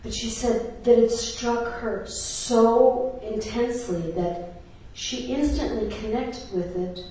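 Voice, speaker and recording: A woman's voice: on the high side, slow, few pauses, warm tone. A woman minister giving a sermon in a church, telling stories with laughs and filler words. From Ireland. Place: church sanctuary. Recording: echoey church hall from a distance.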